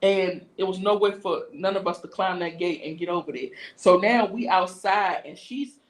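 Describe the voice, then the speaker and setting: A woman casually telling a story on a talk stream, lively and slangy. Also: on the low side, normal speed, reverberant, rough recording. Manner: lively, animated retelling with slangy asides.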